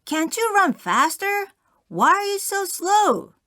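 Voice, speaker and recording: A woman voicing a young boy who loudly taunts another. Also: very high-pitched, sing-song, takes it slowly, voice pushed up, exaggerated voice. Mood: taunting. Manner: loud, taunting.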